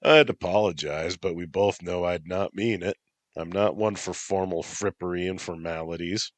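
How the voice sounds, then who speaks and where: A man's voice: deep voice, normal speed, no room sound, close to an everyday voice. A man voicing a crude, mocking middle-aged male cat yokai king in a storybook reading. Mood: brash mocking.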